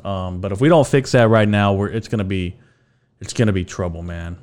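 Man, young adult, podcast host, low voice, smooth tone, casual rambling, joking, fillers, swearing. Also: brisk, darkish tone. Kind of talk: casual solo podcast chat.

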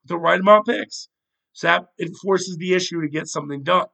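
A young man hosts a solo sports podcast in a bright, forward voice, a little stuffed up from a cold. He rambles, works things out aloud, and pokes fun at himself along the way. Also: high voice, fairly quick, vocal fry. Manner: rambling, self-deprecating, thinks out loud. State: slightly congested with a cold.

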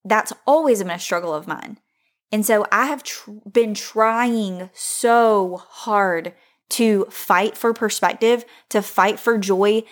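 A woman's voice: mid-range voice, takes it slowly. A woman in her thirties hosting a faith podcast, speaking in an earnest, confessional way, close to tears, repeating phrases for emphasis. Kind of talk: heartfelt devotional monologue.

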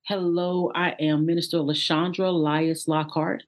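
A woman's voice: sits low, level tone, moderate pace. A woman in her thirties, a guest minister from Indiana, talking candidly and chattily with lots of "you know" fillers. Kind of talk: casual interview talk.

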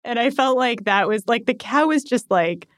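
Lively, curious woman host. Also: a little high, normal speed, no echo, studio quality. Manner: curious, playful questioning. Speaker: podcast host. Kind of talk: casual interview chat.

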